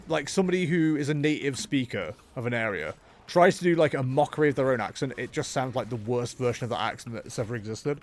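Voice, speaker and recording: A man's voice: medium pitch, sing-song, fast. A young man streaming a game, chatting casually and rambling with jokes as he talks himself into ideas. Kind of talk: casual live-stream chatter while gaming.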